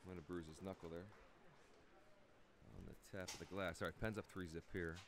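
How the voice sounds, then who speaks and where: Man, hockey play-by-play, low voice, jokey and excitable, noisy rink recording. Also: a little fast. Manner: excitable, jokey, calls goals loudly. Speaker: play-by-play commentator. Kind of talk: amateur youth hockey commentary.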